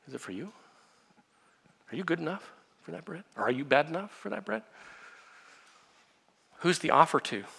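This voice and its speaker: A man preaching a sermon, explaining scripture with everyday illustrations and rhetorical questions, swinging from quiet asides to fervent emphasis. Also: medium pitch. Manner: expository preaching, builds to impassioned emphasis then drops to quiet. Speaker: pastor.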